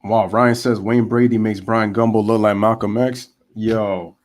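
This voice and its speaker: A young man calls a baseball game live for his online viewers, reading the chat aloud between pitches. His voice sits at an ordinary middle pitch but leaps sharply upward when he launches into heated, ranting asides. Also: unhurried. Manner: animated, ranting, chatty with viewers. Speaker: live baseball commentator and streamer. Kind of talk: casual live play-by-play with rants.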